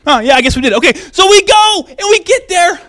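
A preacher acts out a giddy shepherd bursting with news, his voice jumping high and loud as he grabs passersby. He laughs and shouts over his own words in a breathless rush. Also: sing-song, dry recording, clean studio sound, heavily acted. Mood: giddy, thrilled. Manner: shouting, laughing, rushed retelling. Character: wildly excited male shepherd, breathless storyteller. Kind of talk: sermon illustration.

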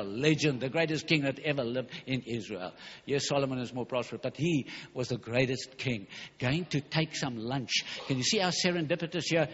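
Fervent preacher in a big hall. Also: male voice, fairly high pitch, fairly bright tone, slightly rough. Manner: fervent, emphatic, rushing with stumbles. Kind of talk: sermon. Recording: dull recording in a large hall.

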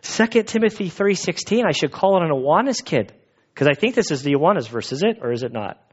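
A man's voice: on the high side, expressive, fast talker, husky. A pastor preaching an earnest, conversational sermon to his church congregation. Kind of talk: expository sermon. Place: church sanctuary. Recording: dull lo-fi recording.

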